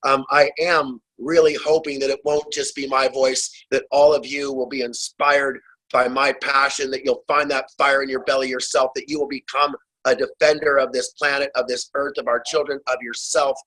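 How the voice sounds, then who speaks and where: A man's voice: mid-range voice, little pitch movement, normal speed, pushed and bright, rough recording. A man speaking as a guest author on a remote call, urgent and fiery, appealing straight to his listeners. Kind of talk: impassioned advocacy talk.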